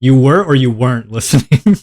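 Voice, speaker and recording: A man's voice: medium pitch, animated, brisk, darkish tone. A male streamer chatting casually to his viewers while drawing, rambling and poking fun at himself with frequent laughs. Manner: rambling and self-mocking, laughs often.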